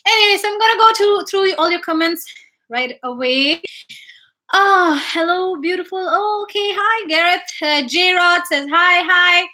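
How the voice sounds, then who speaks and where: A young woman with a high, bright voice hosts a casual livestream, reading out viewer comments and greeting people by name. She is chatty and upbeat, talking from her hotel room into a phone camera. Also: a little slow. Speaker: YouTuber hosting a livestream.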